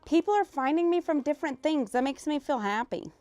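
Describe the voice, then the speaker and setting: A high-sitting voice with a Louisiana accent belongs to a live streamer from South Louisiana who chats casually, rambles, gets excitable, and is quick to swear.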